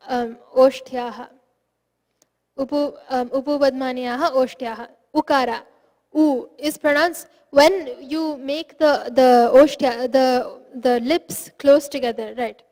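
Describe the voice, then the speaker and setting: High-voiced woman teaching in a reverberant room. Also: slow, darkish tone. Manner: patient and explanatory, demonstrates sounds aloud. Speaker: Sanskrit pronunciation teacher. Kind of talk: online lesson. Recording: long reverb.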